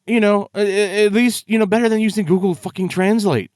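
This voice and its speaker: A man's voice: sits high, fairly even intonation, fairly quick, a little mellow, no room sound, clean studio sound. Exasperated, foul-mouthed male video host. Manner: profane, exasperated ranting. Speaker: YouTube host reacting to game trailers. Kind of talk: casual reaction commentary.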